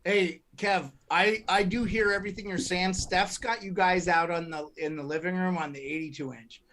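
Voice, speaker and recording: A man co-hosting a casual podcast chat over a video call, rambling and halting, with many restarts. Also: high voice, steady tone, fairly bright tone. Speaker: podcast co-host.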